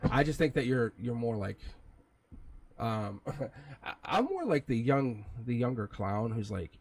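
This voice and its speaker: A man's voice: mid-range voice, big pitch swings, measured pace, darkish tone, a little hiss or hum, rough recording. A man hosting a live tarot reading, talking in a rambling, casual way, chuckling often and swearing now and then. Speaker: tarot reader, livestream host.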